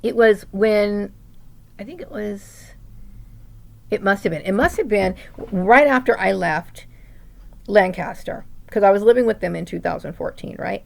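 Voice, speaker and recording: A middle-aged woman with a heavily gravelly, fry-laden voice talks straight to her camera in a long, rambling vent. She sounds indignant, keeps restarting her sentences and tags nearly every point with a questioning "right?". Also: mid-range voice, expressive, a little slow, darkish tone. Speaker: vlogger. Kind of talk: personal venting monologue.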